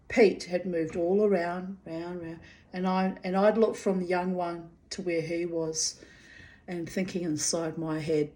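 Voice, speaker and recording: A woman's voice: lowish voice, a little mellow. A middle-aged woman telling a personal story in a casual, frank way, swearing freely and adding chatty asides.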